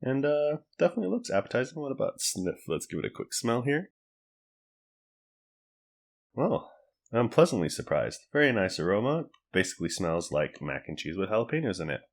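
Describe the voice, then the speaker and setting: Chatty low-voiced man reviewing food. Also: moderate pace. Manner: relaxed, chatty, thinks aloud while cooking and tasting. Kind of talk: casual food review to camera.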